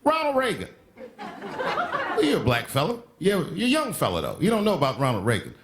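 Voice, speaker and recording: A male stand-up comedian doing a monologue. He swings between deadpan and sharp outbursts. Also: sits high, fairly quick, background noise. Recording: TV broadcast with live audience laughter. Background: studio audience laughing.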